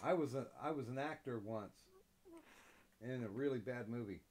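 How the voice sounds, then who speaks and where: A man's voice: mid-range voice, normal speed, darkish tone, slight background noise. A man hosting a casual live stream, hesitant with lots of ums, swearing bluntly now and then. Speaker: streamer host.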